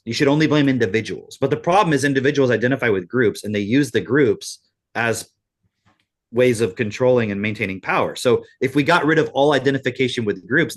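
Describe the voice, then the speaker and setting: A man co-hosting a podcast in casual chat, talking in an emphatic, profane rant. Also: medium pitch. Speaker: podcast co-host.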